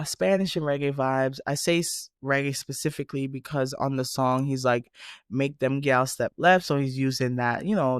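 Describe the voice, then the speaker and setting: A man hosting a podcast, giving a casual, animated and profane review of new music. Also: mid-range voice, clean tone, no room sound, studio quality. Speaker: podcast host.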